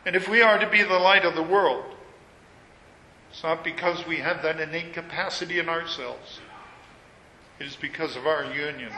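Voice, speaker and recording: A man preaching a sermon, reading scripture aloud and rising to emphatic, high-pitched peaks on key phrases. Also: pushed and bright. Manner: reads scripture in King James wording, builds to emphatic high peaks. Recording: echoey hall with long reverb, faint ambience.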